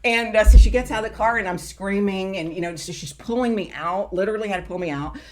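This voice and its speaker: A middle-aged woman on a political round table, telling a story in a casual, animated way and acting out what people said. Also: medium pitch, fast talker. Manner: animated storyteller who acts out quotes.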